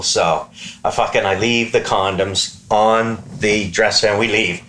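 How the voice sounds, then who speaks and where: A man's voice: fairly low pitch, a little slow. A man from the East Coast of Canada telling a comic story among friends, swearing freely and acting out the lines of people in the story. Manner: profane, animated, acts out quoted lines. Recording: roomy echo.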